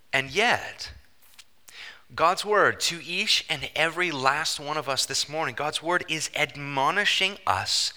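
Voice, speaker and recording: Animated preacher man, ringing hall. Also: a little high. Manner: emphatic, animated preaching with joking asides. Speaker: pastor. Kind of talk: sermon. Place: church sanctuary. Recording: long church-hall reverb.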